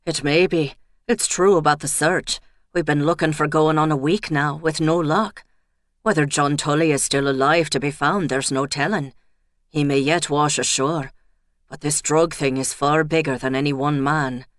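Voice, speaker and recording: A woman voicing a nervous young male police officer who speaks in a hushed, careful way. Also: on the high side, fairly even intonation, normal speed, no room sound, clean studio sound, close to an everyday voice. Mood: guarded, confiding.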